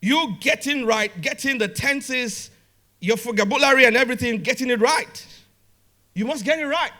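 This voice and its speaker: At a business conference in a conference hall, a man gives a motivational talk in an extremely high-pitched voice at normal speed. His tone is bright and forceful, and he is emphatic and direct, repeating phrases and calling out to the audience.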